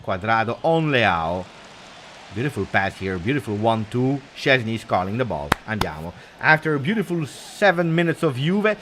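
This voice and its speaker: Excitable middle-aged man calling football live. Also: medium pitch, slight background noise. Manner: excitable play-by-play, peppered with Italian cheers, reads viewer comments. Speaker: live match watch-along host. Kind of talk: live football commentary and chat reaction.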